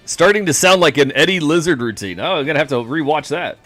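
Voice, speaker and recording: A man streams a game and chats casually with viewers, rambling, joking and poking fun at himself. His voice is fairly high and a bit bright, and he talks fast on a dry recording with faint music behind.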